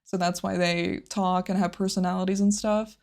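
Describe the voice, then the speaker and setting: A woman's voice: fairly low pitch, little pitch movement, moderate pace, vocal fry, darkish tone. A woman co-hosting a casual podcast, talking thoughtfully about a game, often laughing and openly getting emotional. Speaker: podcast co-host.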